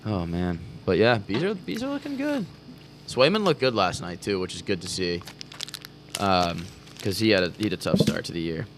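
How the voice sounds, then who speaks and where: A man's voice: low voice, expressive, moderate pace, background noise. A man co-hosting a casual podcast, blunt and joking, swearing freely. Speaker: podcast co-host. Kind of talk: casual chat.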